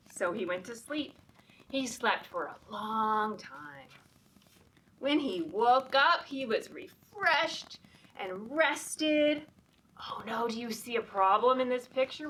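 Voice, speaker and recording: A woman's voice: fairly high pitch, pushed and bright, a little hiss or hum. A woman reading a picture book aloud to children as a librarian, often asking them questions and inviting them to join in, heard from a little distance. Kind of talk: children's storytime read-aloud.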